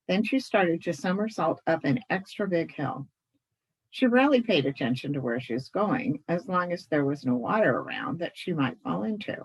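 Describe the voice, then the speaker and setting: A woman reading a children's story aloud in an expressive, animated way. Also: lowish voice, slightly rough, poor audio. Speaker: club membership secretary reading a story.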